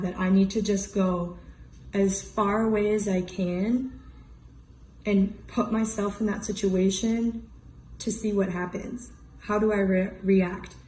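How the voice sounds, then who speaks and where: A woman's voice: mid-range voice, darkish tone, roomy sound, slight background noise, rough recording. A woman in her twenties talking candidly to camera in a casual vlog, full of "like" and "you know". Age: 20s. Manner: chatty, frequent "like" and "you know", candid and emotional. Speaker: vlogger.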